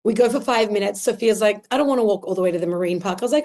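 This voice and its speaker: An Australian woman in her thirties, a podcast guest telling personal stories in an emotional, animated way. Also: medium pitch, very fast. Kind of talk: casual conversational storytelling.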